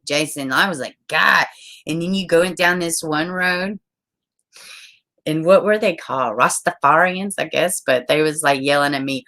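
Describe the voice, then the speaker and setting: Her voice is low-pitched and sharp in tone, at a normal speed. This woman streamer chats to viewers in a casual, rambling way, swearing frequently and leaving thoughts unfinished.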